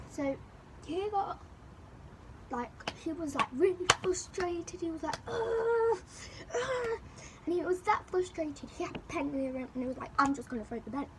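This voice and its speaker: A young woman vlogger telling a school story in a rambling, animated way, looping back over the same phrases. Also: high voice, background noise. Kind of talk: storytime chat.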